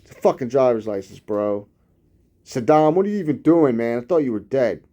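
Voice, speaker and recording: A man's voice: mid-range voice, lively intonation, brisk, warm tone, dull audio. A man reading the news and riffing on it in a sarcastic, rambling, profane way. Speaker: host reading news with commentary. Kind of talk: casual news commentary.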